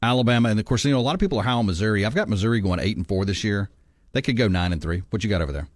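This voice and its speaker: A male sports radio host with a low voice. He chats through his picks and reads listener texts aloud, sure of his opinions. The sound is dry and close. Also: lively intonation, racing, no echo. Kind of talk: sports talk radio chat.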